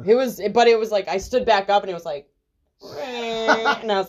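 A woman's voice: a little high, moderate pace, slight background noise. A woman co-hosting a podcast, talking bluntly and playfully in casual chat.

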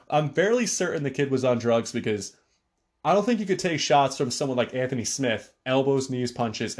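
A man hosting a solo podcast, talking casually in a rambling way with frequent fillers and restarts. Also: mid-range voice. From Connecticut, USA. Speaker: podcast host.

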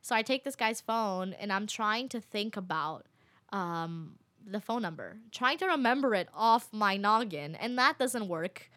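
A young woman recounts a travel mishap to her viewers, her voice bright and clear. She talks casually and animatedly, with lots of fillers and quick laughs. The sound is close and dry. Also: mid-range voice, expressive, no echo. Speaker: vlogger. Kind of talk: casual storytelling to camera.

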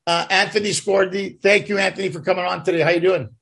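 High, gravelly male interview host. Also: fairly even intonation, a bit bright. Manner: rambling, halting, many restarts and fillers. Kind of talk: casual interview chat.

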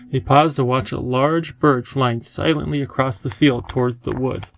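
Gravelly male audiobook narrator. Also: mid-range voice, dry recording. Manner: calm, measured storytelling.

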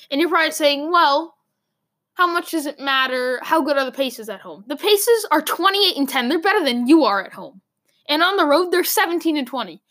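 High-voiced Boston woman ranting about sports. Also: a bit bright. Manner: rambling, emphatic, lots of "like" fillers. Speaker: sports talk host. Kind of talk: opinionated sports commentary monologue.

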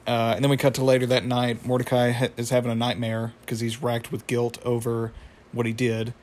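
A man's voice: mid-range voice, monotone, fairly quick, a little mellow. A man casually recapping a cartoon episode, rambling with frequent laughs. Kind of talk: casual chat.

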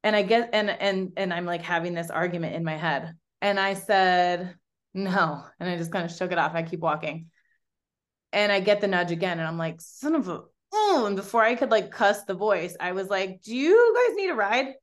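Woman guest in her young adult years; chatty, animated storyteller who voices her own quotes. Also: on the low side, a little fast. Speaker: guest, pro bikini competitor. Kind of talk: casual storytelling chat.

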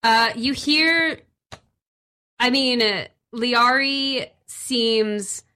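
A woman's voice: fairly high pitch, very slow, bright, forceful tone, clear, resonant tone. A woman running a tabletop game as game master, narrating casually with giggles and fillers.

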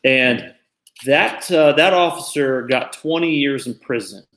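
A man's voice: medium pitch, a little slow, fairly bright tone. Earnest man in his forties, echoey room. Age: 40s. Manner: earnest, reflective, emphatic. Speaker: talk show host. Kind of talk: casual talk show commentary.

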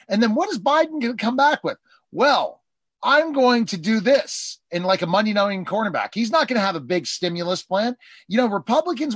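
Host, male, high lively voice, dry close sound, emphatic political talk. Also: dry recording. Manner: emphatic, animated, mimics politicians in quoted asides. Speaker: show host and journalist. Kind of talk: political talk show discussion.

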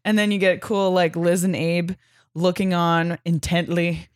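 A woman's voice: lowish voice, little pitch movement, unhurried, no room sound, studio quality. Chatty woman co-hosting a podcast. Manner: chatty, giggly, swears. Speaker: podcast co-host. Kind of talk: casual chat.

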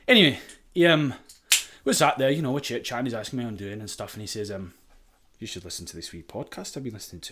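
Animated and fast, this young Sheffield man has a medium-pitched, fairly bright, slightly rough voice and a local English accent. As a podcast guest, he chats through a story, cursing freely and laughing often.

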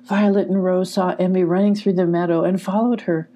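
Warm-voiced woman reading a children's story. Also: fairly low pitch, a little fast. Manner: calm, even narration. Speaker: audiobook reader.

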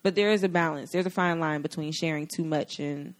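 Lower-pitched woman, candid and animated. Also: fairly quick. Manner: candid and profane, animated storytelling. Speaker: podcast guest. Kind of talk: casual chat.

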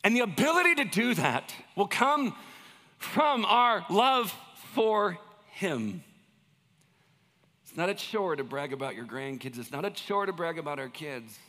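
A male pastor giving a conversational sermon with jokes, moving between loud bursts and quiet asides. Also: sits high, very animated, unhurried, big-room sound.

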